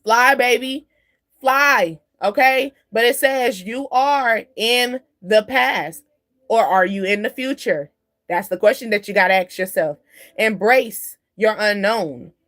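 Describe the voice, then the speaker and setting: A woman with a slightly high voice runs a casual tarot reading for her viewers. She talks loosely and chattily, often stopping to check that the viewer is following. She drifts off topic and laughs at her own tangents. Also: fairly bright tone. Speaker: tarot card reader. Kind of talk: casual spiritual reading to camera.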